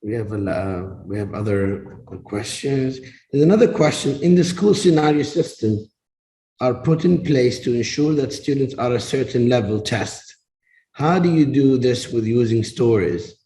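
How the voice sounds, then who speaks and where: Man moderating, reads questions haltingly, mellow tone, echoey room. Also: mid-range voice, lively intonation. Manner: hesitant, reads aloud. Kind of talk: reading audience questions. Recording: roomy echo.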